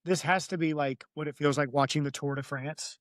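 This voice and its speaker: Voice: mid-range voice, fairly even intonation, brisk, a little hiss or hum. A podcast co-host in casual chat, talking in a chatty, joking way and slipping into voices when retelling anecdotes.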